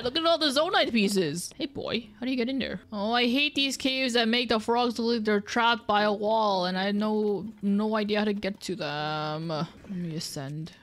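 A young woman streaming a video game, chatting, swearing, laughing and yelling at what happens on screen. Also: medium pitch. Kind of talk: live gameplay commentary.

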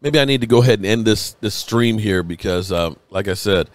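A man's voice: lowish voice, animated, fairly quick, no room sound. A man live-streaming, emotional and a bit tipsy, rambling and swearing as he rants with emphatic bursts.

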